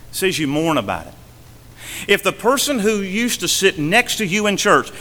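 A male pastor preaching a sermon from the pulpit, swinging between emphatic and hushed delivery. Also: high voice, long reverb tail. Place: church sanctuary.

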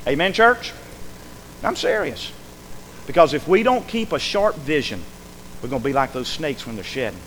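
A male pastor preaches in a folksy, animated way, his fairly high voice ringing through a church with a long reverb. Faint noise sits under the recording. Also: moderate pace, long pauses. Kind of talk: sermon. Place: church sanctuary.

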